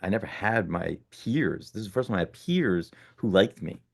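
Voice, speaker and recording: Podcast guest, man in his 60s, low gravelly voice, lively storyteller who restarts sentences. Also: moderate pace. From born in Italy, raised in the United States. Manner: animated, self-correcting storyteller. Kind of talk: casual storytelling interview.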